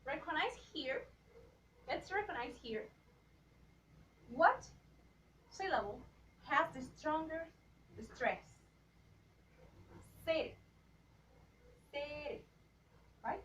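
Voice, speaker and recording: Woman w/ as giving a slow lesson, kinda high voice, far from the mic in an echoey room. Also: expressive, a bit bright. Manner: halting, with restarts and repeated example words. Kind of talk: slow class presentation on phonetics. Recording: dull, roomy audio from far off, faint noise.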